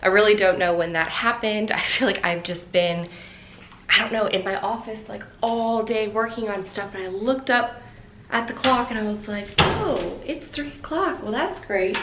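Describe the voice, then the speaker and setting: A woman's voice: medium pitch, steady tone, normal speed, reverberant, background noise. A young woman vlogging casually to camera, chatty and upbeat as she talks through her day. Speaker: vlogger and author. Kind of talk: casual vlog talk to camera. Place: home office and outdoors on a walk.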